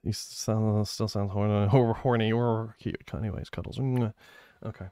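A man's voice: lowish voice, steady tone, moderate pace, warm tone, clean tone, no echo. A young man chatting on a live stream, giggly and flustered, shaky with adrenaline, by turns bratty and pleading. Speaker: livestreamer. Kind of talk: casual live-stream chat.

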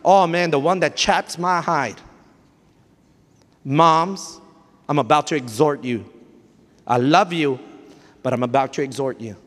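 Pastor, male, high-pitched, emphatic sermon delivery with Spanish phrases mixed in, recorded with long church-hall reverb. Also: unhurried, long pauses. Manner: emphatic, repetitive preaching that mixes in Spanish phrases; direct, exhorting, with playful asides. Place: church sanctuary.

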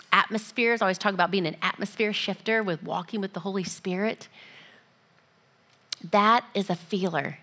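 A woman giving a casual, lively church teaching, often acting out little voices and dialogues. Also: mid-range voice.

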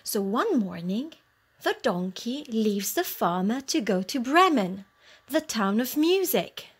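Slow, clear woman reading a story. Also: on the high side, big pitch swings. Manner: clear, simple phrasing. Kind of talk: slow storybook narration for young English learners.

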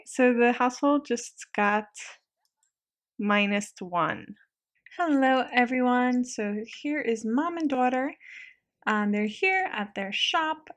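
A woman giving casual let's-play game commentary, chatty and excitable, quick to laugh. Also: a little high.

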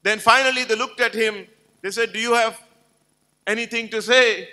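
This male Islamic lecturer has a very high-pitched, pushed and bright voice, holding a steady tone at normal speed. Before a live crowd, he gives a forceful religious talk filled with stories and rhetorical questions.

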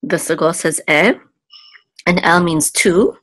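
A woman's voice: lowish voice, slow pace, fairly bright tone, no echo. A woman teaching a Hebrew reading lesson, going patiently letter by letter with small fillers. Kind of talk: online language lesson.

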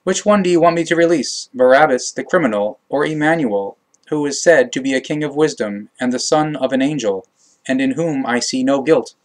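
A man's voice: mid-range voice, fairly quick, natural voice. A man reading the part of a reluctant, exasperated Roman governor, with raised, indignant questions. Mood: questioning.

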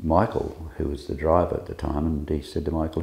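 A man's voice: rumbling low, level tone, brisk, gravelly, darkish tone, reverberant. An Australian man telling crude, laid-back jokes and anecdotes in a casual interview. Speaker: comedian interviewee.

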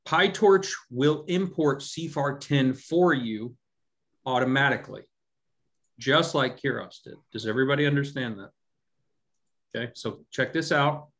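A man walking a class through code in a live lecture. He speaks in a casual, conversational way and keeps pausing to make sure the students are following. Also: mid-range voice, fairly bright tone. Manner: conversational, often checks in with the class. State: has hiccups. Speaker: instructor.

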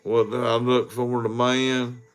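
A man's voice: medium pitch, little pitch movement, measured pace, clear, resonant tone. A man hosting a casual walking livestream on his phone, rambling crudely at viewers and begging for likes. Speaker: livestream host.

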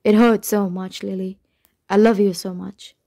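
A remorseful young husband pleads, his words pressed and urgent, as a woman reader puts him on. The tone stays mellow and fairly flat. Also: medium pitch, a little slow, creaky, no echo, clean studio sound. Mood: pleading.

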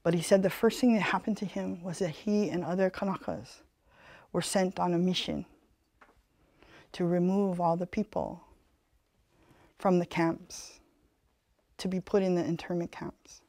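A woman's voice: lowish voice, fairly even intonation, a little slow, long pauses, warm tone, dry recording. A woman from Hawaii with a Hawaiian Pidgin-tinged accent gives a community talk in an earnest, conversational way. She tells stories and keeps checking in with "you know.". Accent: Hawaiian Pidgin-tinged English. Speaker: speaker giving a community presentation.

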